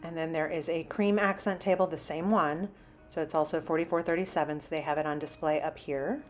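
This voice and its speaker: With soft music in the background, a woman with a low voice and fairly even intonation talks fairly quickly as she browses a large home improvement store for her shopping vlog. She keeps things chatty, calling out prices as she goes.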